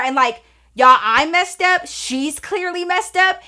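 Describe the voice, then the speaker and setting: A young woman spills a story to her viewers in a loose, animated, swear-heavy way. Her voice sits high and sounds bright and sharp, and she keeps calling out to her audience. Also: normal speed. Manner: animated, profane, addresses viewers as y'all. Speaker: storytime vlogger. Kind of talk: casual storytelling.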